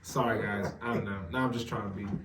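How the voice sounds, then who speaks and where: A man, talking casually as a podcast co-host, animated and repeating words when he gets going. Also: lowish voice, quick pace, noisy background. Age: 40s. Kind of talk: casual chat. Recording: roomy sound, mic at some distance.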